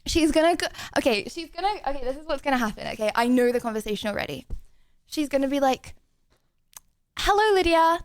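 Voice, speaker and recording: High-voiced giggly streamer woman. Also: clear, resonant tone, dry recording, clean studio sound. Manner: giggly, rambling, talks fast. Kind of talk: casual live-stream chat.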